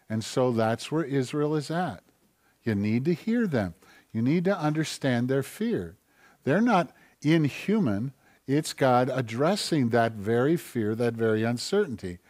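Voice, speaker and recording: A male pastor preaching a conversational sermon in a church, building up to forceful questions. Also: medium pitch, expressive, measured pace.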